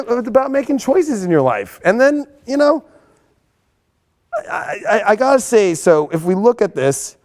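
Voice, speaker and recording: A man with a fairly high voice talks through a weekly astrology forecast. He is excitable and swears freely. He swings between loud, hyped bursts and quiet, earnest stretches. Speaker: astrology show host.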